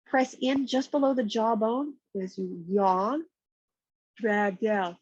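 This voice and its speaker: A woman with a stuffy, congested voice, calmly giving slow step-by-step yoga and massage cues on a nearby mic. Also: on the high side, slightly rough, dry recording, muffled recording. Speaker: yoga instructor. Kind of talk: guided yoga instruction. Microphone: external mic nearby.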